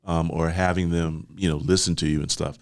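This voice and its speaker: Deep-voiced older man, calm and reflective. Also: brisk, a little hiss or hum. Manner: calm, reflective, tag questions. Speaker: podcast guest. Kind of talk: casual podcast interview.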